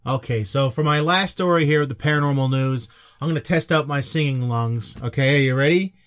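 A man's voice: mid-range voice, brisk. A man hosting an online paranormal news roundup, joking and talking to his viewers. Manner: joking, playful asides to viewers. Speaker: host of a paranormal news show.

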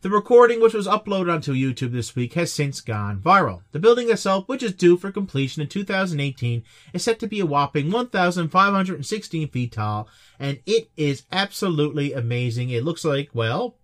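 Guy reading paranormal news, kinda higher voice, jokey asides. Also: sing-song, fairly quick, hardly any pauses, a bit bright. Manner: joking, playful asides to viewers. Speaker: host of a paranormal news show. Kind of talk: online news roundup.

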